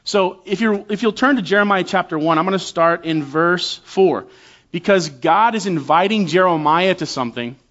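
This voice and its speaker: A man in his forties preaching as a guest church elder, talking casually and poking fun at himself, with frequent quick restarts. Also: high-pitched, fairly bright tone, dull audio. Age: 40s. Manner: conversational and self-deprecating, with quick restarts. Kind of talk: sermon with humorous stories.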